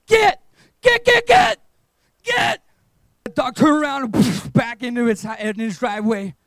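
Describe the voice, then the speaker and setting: A young adult male pastor preaching a sermon in a church, telling stories and surging into loud, animated shouts to drive his points home. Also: extremely high pitch, no echo, rough recording. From England. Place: church auditorium.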